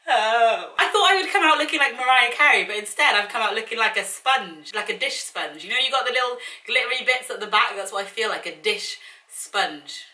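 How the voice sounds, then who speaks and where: Brit girl in her 20s ranting about clothes, dramatic, bright sharp voice, sounds a bit far off. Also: fairly high pitch. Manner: exasperated, dramatic, self-mocking. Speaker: vlogger. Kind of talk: casual try-on haul chat. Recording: echoey room, mic at a distance.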